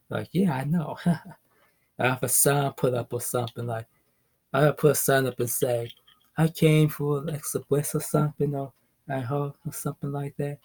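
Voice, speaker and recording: A man's voice: medium pitch, moderate pace, breathy edge. Rambling, laughing young man vlogger. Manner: rambling, laughs often, excited then mumbling. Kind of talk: casual wrestling news chat.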